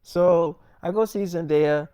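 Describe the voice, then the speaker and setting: A man's voice: a little high, slow, warm tone, clear, resonant tone, dry recording, clean studio sound. A young man telling a rambling freestyle story in a casual way, repeating the same fillers. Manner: rambling, repeats "I'm like, she's like".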